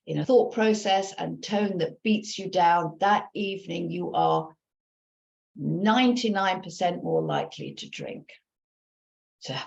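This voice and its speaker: Gravelly woman coaching earnestly. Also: lowish voice, highs cut off. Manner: earnest, repetitive, loops back over points. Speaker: recovery coach. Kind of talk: live coaching session.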